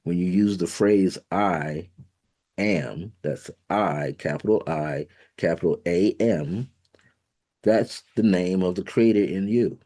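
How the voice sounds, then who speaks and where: A man with a deep, mellow voice gives a motivational spiritual teaching talk. His delivery is conversational, with an occasional chuckle. He slows down to press each key word and affirmation home. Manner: emphatic, slows down to stress key words and affirmations.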